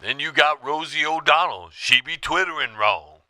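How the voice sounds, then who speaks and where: A man as blunt trash-talking caller, bright, flat delivery. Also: on the high side, moderate pace. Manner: blunt, insulting. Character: shady insulting male caller, blunt.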